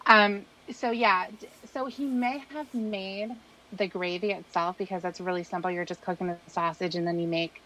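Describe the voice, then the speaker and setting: A woman's voice: on the low side, fairly even intonation, normal speed, a bit bright, slight background noise, poor audio. A woman hosting a casual chat, explaining things in a loose, rambling way. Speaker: host.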